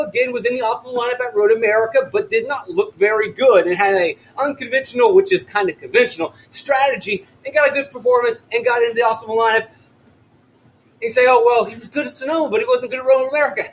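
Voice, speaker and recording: A man hosting a fantasy sports podcast alone, loud and excitable, often shouting. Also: very high voice, quick pace, poor audio. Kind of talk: solo podcast talk.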